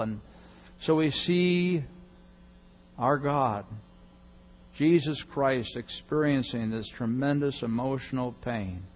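A male pastor giving a sermon, swinging between loud emphasis and soft, hushed reading. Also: mid-range voice, lo-fi sound, slight background noise.

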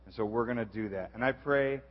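Chatty young youth pastor in a hall. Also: male voice, medium pitch, fairly quick. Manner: chatty, self-deprecating, many fillers. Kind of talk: casual sermon introduction. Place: church auditorium. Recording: dull echoey church hall.

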